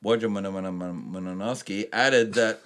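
A man co-hosting a podcast, talking in crude, rambling banter and reading sports news haltingly. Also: on the low side. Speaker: podcast co-host. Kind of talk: casual sweary podcast banter.

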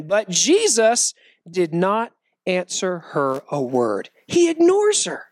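Animated male youth preacher, jokey, acts out voices, very lively pitch, dry sound. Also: slow, dry recording. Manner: animated, joking, acts out quotes. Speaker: youth pastor. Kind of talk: youth sermon.

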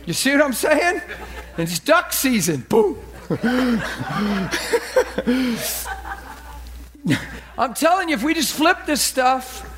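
A man preaching as a pastor, animated and acting out quoted voices in a lively sermon. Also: very high voice, normal speed.

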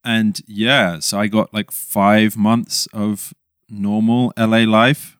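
Self-deprecating man, smooth low voice. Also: level tone, slow pace, no echo, clean studio sound. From England. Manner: self-deprecating, laughs often. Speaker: podcast guest. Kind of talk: casual chat.

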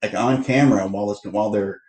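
A man co-hosting a casual movie chat, talking quickly and eagerly, stumbling over repeated words as he starts a point. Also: fairly low pitch, darkish tone, roomy sound. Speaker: podcast co-host.

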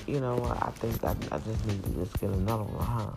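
A middle-aged woman speaks straight to her viewers in a personal faith vlog, chatty and emotional. Her voice has a gravelly edge. Praise music plays clearly underneath her. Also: a bass voice, quick pace, a little mellow. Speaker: vlogger.

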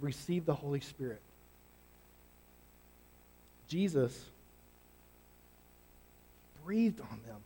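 A male pastor delivering a sermon. His voice sits high for a man, and he talks in a conversational, energetic way, leaning hard on the key words.

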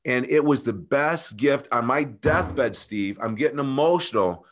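A man guest telling an emotional personal story, earnest and animated, often calling the host by name. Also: mid-range voice, measured pace. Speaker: podcast guest.

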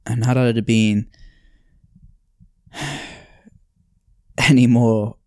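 A man's voice: medium pitch, little pitch movement, extremely slow, no room sound, clean studio sound. A man hosting a podcast, telling a story in a reflective, casual way with frequent sighs and fillers. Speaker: podcast host. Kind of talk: casual storytelling and reading aloud.

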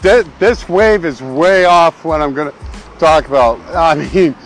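A Canadian pastor hosting his own show talks in an unhurried, rather high voice, excitable and jokey as he rambles off on tangents. Soft music plays in the background.

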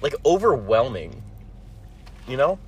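Male co-host, animated and expressive, casual food-review banter from a parked car. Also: mid-range voice, takes it slowly, a little hiss or hum. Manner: enthusiastic, animated, likes a dramatic "you know what?".

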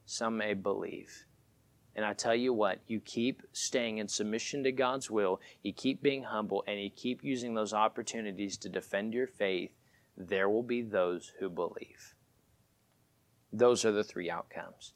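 A man preaching a sermon on defending the faith, growing emphatic and louder on key points. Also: a little slow. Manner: emphatic, rises in pitch and volume when stressing points.

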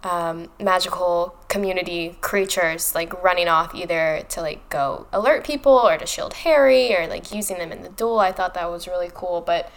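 A woman's voice: lowish voice, moderate pace, few pauses. A woman co-hosting a casual podcast chat, talking things through thoughtfully and reading passages aloud. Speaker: podcast co-host.

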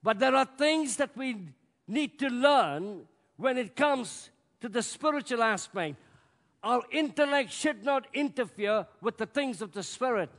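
A man preaching a sermon with emphatic delivery that swells to loud peaks. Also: very high-pitched, animated, measured pace. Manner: emphatic, rising to loud peaks, acts out scripture voices. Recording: long hall reverb.

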